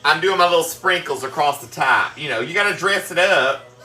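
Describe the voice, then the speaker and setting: Southern woman, South Carolina twang, bright tone, chatty cooking-stream host who laughs a lot. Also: low voice, animated, a little fast, faint music behind. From South Carolina, USA. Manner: chatty and folksy, laughs often, greets viewers warmly. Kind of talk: casual chat while cooking live.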